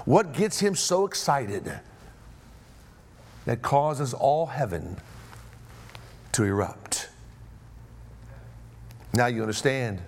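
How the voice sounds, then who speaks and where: A man preaching a sermon, moving between hushed, slow passages and raised, emphatic declarations. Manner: dynamic preaching, swings between hushed low phrases and raised emphatic ones. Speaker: pastor.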